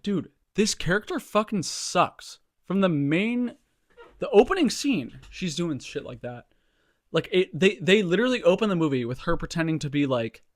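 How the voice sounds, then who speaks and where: A man's voice: on the high side, no echo, clean studio sound. A man ranting casually about a movie to his viewers, exasperated and profane, rambling with lots of fillers and calls of "guys". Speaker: vlogger reviewing a movie. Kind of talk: casual rant to camera.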